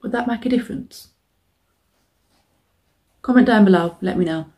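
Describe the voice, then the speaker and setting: A woman's voice: medium pitch, moderate pace, dark tone. A young woman chatting casually and swearing freely while eating on camera. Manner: chatty, sweary and self-mocking. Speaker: mukbang vlogger. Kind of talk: casual eating-show chat.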